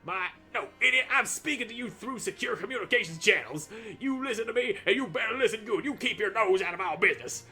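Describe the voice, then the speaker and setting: A loud drill-sergeant villain, a menacing floating orb, snaps orders and insults in a high, sharp bark. He is full of military bluster, voiced by a man reading the game's lines. Faint music plays under him. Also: animated, fast talker, exaggerated voice.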